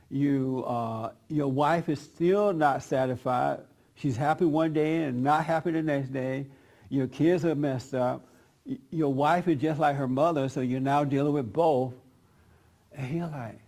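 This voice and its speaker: A man's voice: on the high side, creaky, darkish tone. A man pastor telling a story in a sermon, retelling a conversation and acting out both sides. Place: church service.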